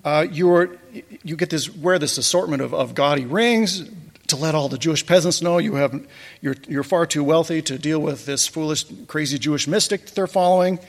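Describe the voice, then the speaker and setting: Presenter, male, gravelly, wry and chuckling, casual slide talk, reverberant hall sound. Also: fairly high pitch, moderate pace. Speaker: presenter recounting a church pageant.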